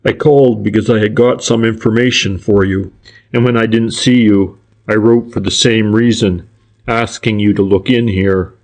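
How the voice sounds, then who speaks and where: A sly, furtive private detective, polite and deferential to a fault, who circles his point instead of making it, as a male audiobook narrator reads him. His voice sits low. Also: fairly even intonation, normal speed, a little mellow, natural voice. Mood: deliberate. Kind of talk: audiobook character reading.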